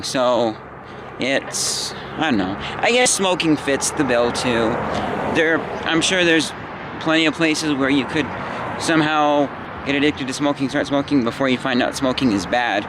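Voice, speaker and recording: A man in his twenties telling a personal story in a halting, meandering way, tired and full of restarts. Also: mid-range voice, background noise. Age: 20s. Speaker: vlogger. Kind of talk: rambling personal vlog.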